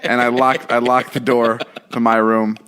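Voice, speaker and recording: A man's voice: mid-range voice, level tone, heavy background noise. A young man in his twenties hosting a casual podcast, telling stories with frequent swearing and laughter. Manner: quick, profane storytelling with laughs. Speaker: podcast host. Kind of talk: casual chat.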